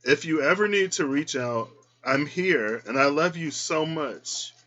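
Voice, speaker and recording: Male tarot vlogger, slow-paced, bright and emotional, lo-fi sound. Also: a little high, expressive. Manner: emotional, choked up, given to squealing quoted reactions. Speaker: tarot reader. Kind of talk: casual vlog chat.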